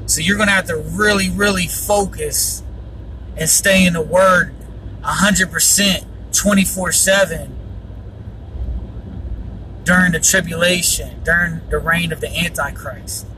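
A man's voice: high-pitched, fairly even intonation, a little slow. Earnest rambling man, far from the mic. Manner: earnest, rambling, many fillers. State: yawning often. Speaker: podcast host. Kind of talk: personal faith talk. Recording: noisy, voice from off the mic.

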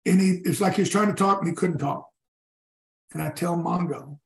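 A man in his sixties, a former football player telling stories in a casual interview, animated, swearing and acting out his teammates' lines. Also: sits high, normal speed, gravelly, reverberant, rough recording. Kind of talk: storytelling in casual conversation.

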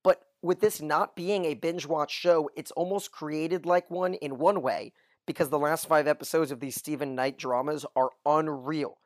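A man's voice: fairly high pitch, steady tone, normal speed, no echo, clean studio sound. A man co-hosting a casual podcast, going through a TV episode and asking his co-host questions. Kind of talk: casual TV recap chat.

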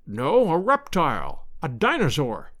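A man's voice: fairly high pitch, huge pitch swings, a little slow, a bit bright, exaggerated voice. A man reading the part of a commanding, ecstatic professor in an audiobook, speaking in emphatic, lecturing exclamations.

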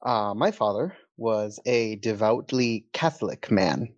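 A man's voice: lowish voice, slow, no echo, dull audio. A man in his twenties, a podcast guest, chatting casually and joking flirtatiously with the hosts. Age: 20s. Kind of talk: casual chat.

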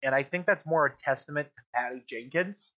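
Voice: medium pitch, dull audio. A speaker in casual podcast chat about films, giving blunt opinions. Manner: quick opinions, mimics voices for jokes.

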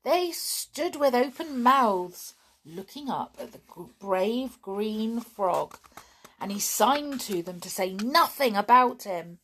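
A woman reads a children's storybook aloud at an unhurried pace. Her voice swoops widely through the telling, and she adds little asides to her listeners along the way. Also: fairly high pitch, expressive, a bit bright.

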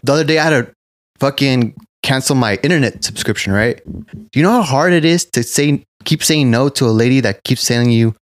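A man in the middle of a loose podcast conversation, talking at an average pitch. He swears freely and spins his anecdotes at length, slipping into the voices of the people in them. The sound is dry and close, with no room around it. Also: brisk, no echo. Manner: profane storyteller, retells stories acting out the people in them. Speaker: podcast co-host. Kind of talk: casual podcast chat.

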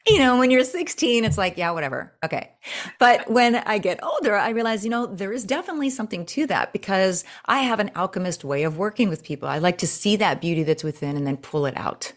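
A woman coach talking in a casual interview, telling stories with lively swings in her voice. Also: fast talker, hardly any pauses. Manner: animated storyteller, acts out quotes with big pitch jumps. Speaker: presentation coach, guest.

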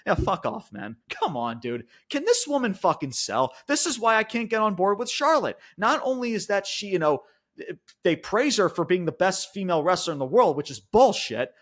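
A man with a high, very animated voice rants as a podcast co-host in casual, profane chat. His talk is exasperated and full of "like," with plenty of restarts. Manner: frequent fillers and restarts like "like". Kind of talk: casual wrestling review chat.

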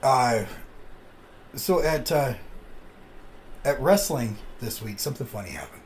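A man hosting a podcast, chatting casually and telling stories with animated delivery. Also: mid-range voice, unhurried, a little hiss or hum. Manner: animated storyteller. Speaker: podcast host. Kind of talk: casual chat.

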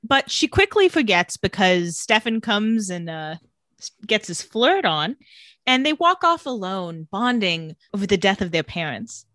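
A woman's voice: mid-range voice, measured pace, no echo, clean studio sound. A woman co-hosting a podcast, casually retelling a TV episode and acting out the characters' lines as she goes. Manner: lively storyteller who acts out characters' lines. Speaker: podcast co-host. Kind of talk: casual TV episode recap chat.

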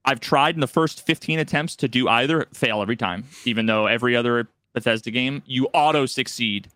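A man co-hosting a casual gaming podcast, telling a story with lively shifts and acting out game characters' lines. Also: medium pitch, a little fast, dry recording. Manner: animated storyteller, acts out game dialogue in raised voices. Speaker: podcast co-host.

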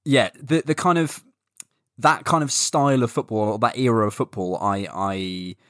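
A man co-hosting a football podcast, talking in a wry, teasing, measured way. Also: medium pitch, a bit bright, no echo, studio quality. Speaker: podcast co-host. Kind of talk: casual football chat.

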